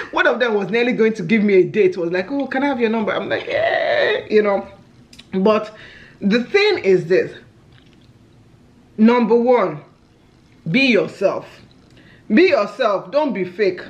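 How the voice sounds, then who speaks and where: A woman with a Nigerian English accent chats casually to her viewers as she eats on camera. She tells stories with plenty of exclamations at a middle pitch. The recording has a slightly dull, lo-fi sound. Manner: chatty storyteller with frequent exclamations. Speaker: family vlogger. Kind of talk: casual chat while eating on camera.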